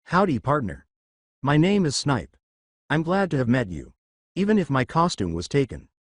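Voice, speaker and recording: A man's voice: mid-range voice, big pitch swings, moderate pace, no echo, clean studio sound. A man voicing a folksy cowboy gunslinger teacher who speaks in a challenging, playful way.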